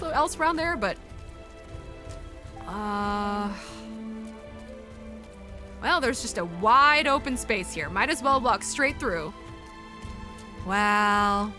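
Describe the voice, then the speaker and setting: A woman streamer talks through a video game in a bright, sharp voice. Her pitch runs high and swoops around as she muses aloud, answers her viewers and coos at the creatures on screen. Soft game music sits faintly behind her. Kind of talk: casual live-stream commentary.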